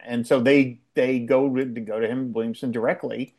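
A man's voice: mid-range voice, normal speed. Chatty man recapping an episode. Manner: rambling, animated recapping with frequent restarts. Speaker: podcast co-host. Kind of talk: casual chat.

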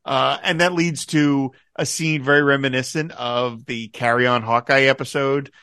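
Male podcast host, bright and forceful tone, dry close mic, eager recapper. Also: medium pitch, moderate pace, clean tone, dry recording. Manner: enthusiastic, quotes dialogue in animated bursts. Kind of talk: casual podcast discussion.

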